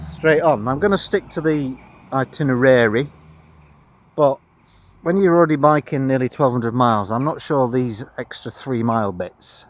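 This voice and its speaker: A tired man on a long cycling trip, talking outdoors in a dry, self-deprecating monotone as a casual travel vlog. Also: medium pitch, a little hiss or hum. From Britain. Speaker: vlogger.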